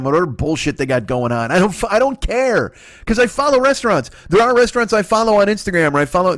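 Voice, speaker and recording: A man's voice: high-pitched, no echo, clean studio sound. A man doing a solo comedy podcast rant, profane and exasperated. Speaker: comedian host.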